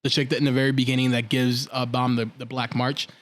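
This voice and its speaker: A man hosting a podcast, recapping an anime in an excitable, profane way. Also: mid-range voice, fast talker. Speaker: podcast host. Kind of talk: casual chat.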